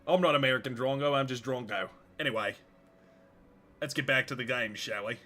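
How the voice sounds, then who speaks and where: A man's voice: on the high side, fast, pushed and bright, voice pushed up. A man putting on a broad Aussie drawl. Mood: joking. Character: man faking a broad Australian accent.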